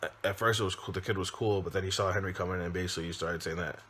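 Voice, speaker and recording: Low-voiced man rambling through a movie recap. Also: fairly even intonation, very fast, bright, forceful tone, a little hiss or hum. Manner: loose and rambling, many ums and restarts. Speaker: father; movie reviewer. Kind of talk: casual spoken movie recap.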